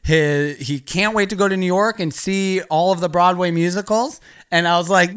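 A male comedian spins a long, rambling story, swearing freely and breaking into laughter mid-sentence. His voice sits a little high and sounds bright and edgy. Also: moderate pace, hardly any pauses, clear, resonant tone. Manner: profane, rambling, laughs through lines. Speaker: stand-up comedian.

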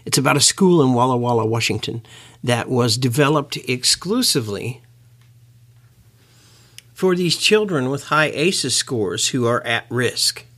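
A man's voice: mid-range voice, expressive, fairly bright tone. Earnest man giving a talk. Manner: earnest, emphatic, slows down for key words. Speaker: lecturer. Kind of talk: educational talk.

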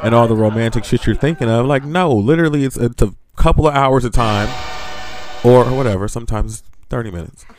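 Over music, a man hosting a podcast speaks fairly quickly at medium pitch. His rant is gossipy, sassy, blunt and profane, and he keeps laughing mid-sentence in an animated way.

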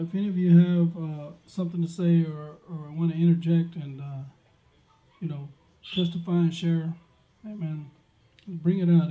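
A man preaching a sermon, emphatic and peppering his words with amens and praise. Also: fairly high pitch. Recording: dull lo-fi sound.

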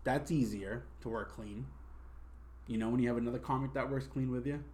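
A man's voice: medium pitch, fairly quick, a little mellow, slight background noise. A young man hosting a podcast, chatting casually with lots of swearing and restarts. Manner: rambling, swears, many restarts. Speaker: podcast host. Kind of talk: casual chat.

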